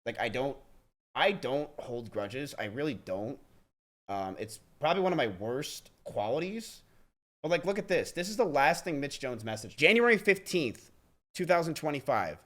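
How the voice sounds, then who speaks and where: A young adult man streaming live, ranting to his chat with profane, rapid storytelling and frequent restarts. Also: mid-range voice, animated, a bit bright. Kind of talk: livestream rant to chat.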